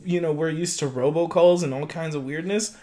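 A man's voice: fairly high pitch, fairly quick, dark tone. Chatty, laughing male podcast co-host. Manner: chatty, laughs often, swears casually. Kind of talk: casual film discussion.

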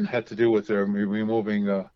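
An older man from New York, telling stories as an interview guest in a halting way full of fillers and repeated words. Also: fairly low pitch, vocal fry, muffled recording. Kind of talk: casual storytelling.

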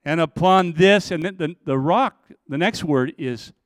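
A middle-aged man preaching a sermon as pastor, swinging between loud, emphatic lines and hushed, slowed ones. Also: a little high, dry recording.

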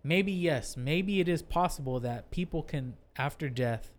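Animated swearing man, higher voice. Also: measured pace. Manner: swears freely, animated storytelling. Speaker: podcast host. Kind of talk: casual chat, telling a ghost story. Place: his own two-story house.

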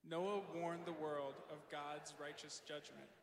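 A man reading a Bible passage aloud in a steady, measured way at a church service. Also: on the high side, vocal fry, in a large hall, background noise. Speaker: scripture reader.

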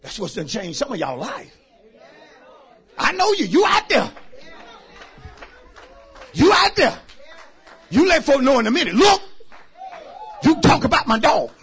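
A pastor preaching a sermon in a church, shouting lines for the congregation to repeat and then dropping into quiet asides. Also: male voice, very high-pitched, huge pitch swings, a little slow, pauses often. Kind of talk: shouted call-and-response sermon. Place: church sanctuary.

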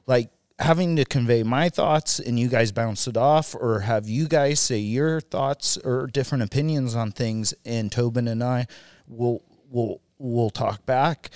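A man's voice: mid-range voice, a little slow, darkish tone, dry recording. Male podcast co-host, easygoing and rambling, medium voice, dry booth sound. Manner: rambling, laughs often, many fillers. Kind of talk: casual round-table chat.

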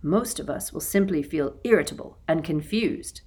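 A woman reading an audiobook, voicing a wise older man explaining things calmly. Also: low voice, moderate pace, husky.

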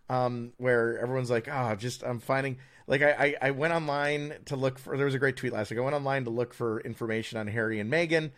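An American man co-hosts a casual podcast at a mid-range pitch. He rambles and restarts his sentences, dropping dry, sardonic jabs along the way. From United States. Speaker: podcast co-host. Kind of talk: casual opinionated chat.

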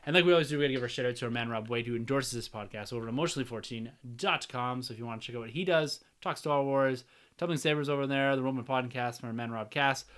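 An upbeat man hosting a podcast, chatting casually with co-hosts and wrapping up the show. His voice sits at an ordinary middle pitch. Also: rapid-fire, fairly bright tone, clear, resonant tone. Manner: upbeat, runs the discussion and outro. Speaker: podcast host. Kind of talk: casual chat.

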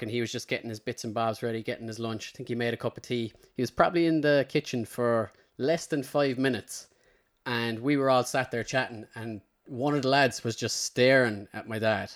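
A man's voice: mid-range voice, normal speed. An Irish man hosting a podcast, telling a long, rambling anecdote in a casual way and slipping into the voices of the people in his story. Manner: rambling storyteller, slips into character quotes. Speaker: podcast host.

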